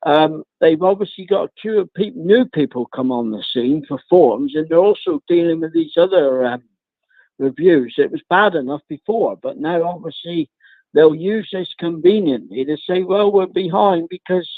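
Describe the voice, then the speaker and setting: A man calling in to a live stream, rambling with many pauses and calling the host mate. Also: a little high, animated, dry recording. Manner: rambling, says mate a lot, frequent ums. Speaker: caller. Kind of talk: casual phone chat. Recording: tinny dry phone line.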